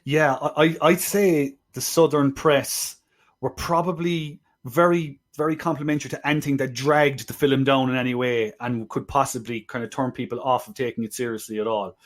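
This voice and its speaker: A man co-hosting a film podcast, talking casually with lots of restarts and wry asides. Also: medium pitch. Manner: halting, many restarts, wry. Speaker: podcast co-host.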